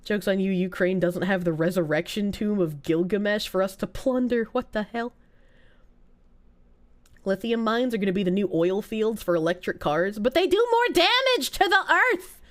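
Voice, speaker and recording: A woman's voice: mid-range voice, animated, normal speed. A woman from the United States who streams, chatting casually and sarcastically with her viewers and laughing often. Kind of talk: casual chat reacting to viewer comments.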